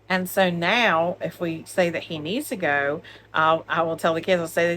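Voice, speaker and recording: Her fairly low, steady voice moves at normal speed with a slightly bright quality, over slight background noise. She co-hosts a crochet vlog from home, chatting, laughing and joking for a phone camera.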